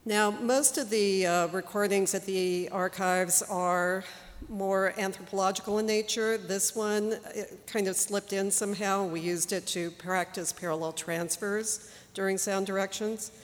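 A woman introducing archive recordings in a relaxed, informal presentation. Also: mid-range voice, a little slow. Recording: long hall reverb.

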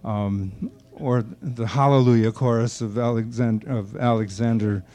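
A man's voice: mid-range voice, steady tone, measured pace, warm tone. An older man being interviewed, telling anecdotes about an old friend and acting out the remarks he quotes. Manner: anecdotal storyteller who acts out quoted remarks. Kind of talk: reminiscing conversation.

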